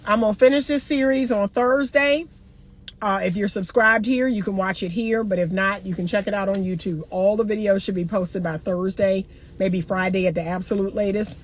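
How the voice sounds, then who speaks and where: A woman's voice: mid-range voice, fairly even intonation, moderate pace. A middle-aged woman relationship coach talking bluntly and animatedly to viewers, laughing often. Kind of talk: live-stream chat answering comments.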